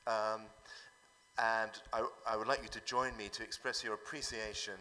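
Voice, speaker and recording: A man chairs a public panel, rambling and hesitant and full of fillers. His voice sits low yet sounds bright, with a long hall reverb and a faint hum behind it. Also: flat delivery, normal speed.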